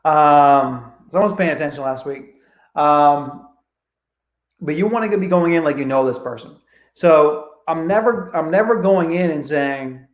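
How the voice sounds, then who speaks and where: Man, high voice, energetic coach, swears, acts out calls, echoey room. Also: a little slow. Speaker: real estate coach. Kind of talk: live online training.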